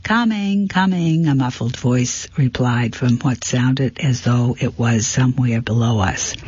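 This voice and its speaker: Husky man narrating a mystery. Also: mid-range voice, flat delivery, a little slow, darkish tone, dry recording. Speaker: audiobook narrator. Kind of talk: first-person mystery narration. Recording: dull, lo-fi, dry.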